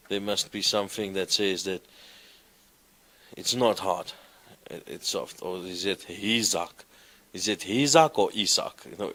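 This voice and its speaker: A man gives a classroom lesson in a fairly low voice. He speaks slowly and in an encouraging way, and he keeps asking his class questions. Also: a bit bright. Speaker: Greek teacher. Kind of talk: classroom lecture.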